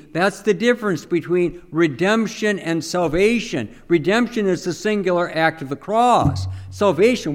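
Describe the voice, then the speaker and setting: A man's voice: fairly high pitch, big-room sound. A man preaching a sermon as a priest, conversational and asking the congregation questions. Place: church.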